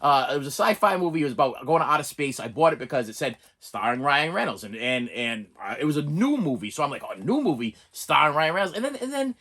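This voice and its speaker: A middle-aged man reviews cheap movie discs in a fast, medium-pitched, fairly bright voice with big pitch swings and hardly any pauses. His casual, rambling talk is full of stammers, restarts and jokes, breaking into off-key singing and impressions.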